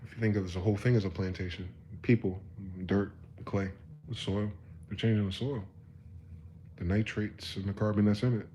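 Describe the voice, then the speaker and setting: A man in his thirties giving a rambling, profane live-stream monologue, moving between quiet musing and loud ranting. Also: fairly low pitch, fairly even intonation, brisk, slight background noise.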